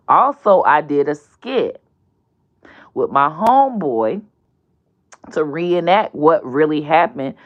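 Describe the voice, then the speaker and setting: A woman host telling a storytime on her show, animated and profane, swinging from loud outbursts to near-whispers. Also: low-pitched, takes it slowly, pauses often, lo-fi sound. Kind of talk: casual storytime vlog.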